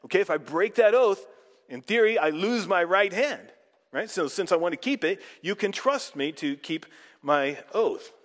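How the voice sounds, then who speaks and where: A man's voice: sits high, animated, normal speed, long reverb tail. A man preaching a sermon in a conversational way, often putting questions to the audience.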